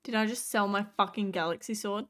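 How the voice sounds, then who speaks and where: A young adult woman streamer giving casual, excitable gameplay commentary, chatty and swearing often. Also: mid-range voice, fairly quick.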